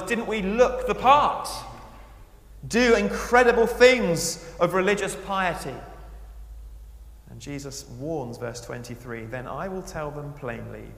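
A male preacher delivering a sermon with a fairly high voice. He swings between raised, emphatic lines and quiet asides. The sound carries a long, roomy echo from a church hall. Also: creaky.

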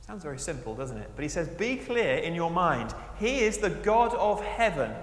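Male preacher, fairly high voice, expressive sermon delivery, long church-hall reverb. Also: normal speed. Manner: expressive, swinging between raised emphasis and hushed asides.

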